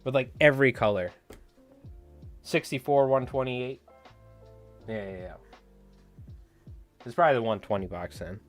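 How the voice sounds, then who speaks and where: A man's voice: medium pitch, moderate pace, long pauses, faint music behind. Joking man chatting on a live stream. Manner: joking, rambling, talks back to chat. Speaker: fly tying streamer. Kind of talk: casual live-stream chat.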